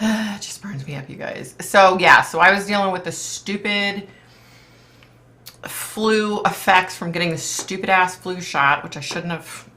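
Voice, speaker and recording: A woman's voice: fairly low pitch, measured pace, sharp tone. A woman who is a psychic medium, hosting a casual live stream and rambling chattily, full of "like" and "you know.".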